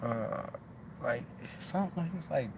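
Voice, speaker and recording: A man's voice: medium pitch, lively intonation, unhurried, creaky, background noise. A man hosting a loose, casual chat, talking in a rambling, profane way with many restarts.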